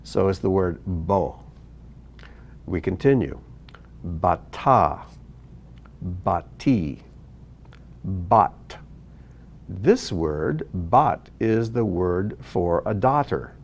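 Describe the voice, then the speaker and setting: Slow, patient male Hebrew tutor. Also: low voice. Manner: slow, patient explaining with lively ups and downs. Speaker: Hebrew teacher. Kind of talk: video lesson.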